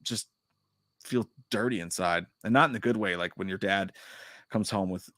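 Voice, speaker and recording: A man's voice: deep voice, moderate pace, fairly bright tone, dry recording, clean studio sound. A man hosting a live stream, chatting casually and reading out viewer comments in a rambling, profane, joking way. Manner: reads viewer chat aloud. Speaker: podcast host.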